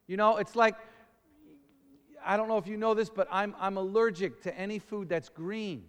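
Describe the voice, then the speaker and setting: A man preaching with lively, call-and-response energy, his voice sitting high for a man. His words ring out into a big hall with a long reverb tail. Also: normal speed, smooth. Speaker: pastor. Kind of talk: sermon.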